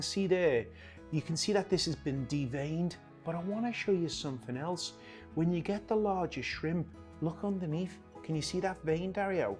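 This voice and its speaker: A man hosting a cooking demonstration, chatty and joking, often talking to his cameraman. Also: fairly high pitch. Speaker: chef hosting a cooking show.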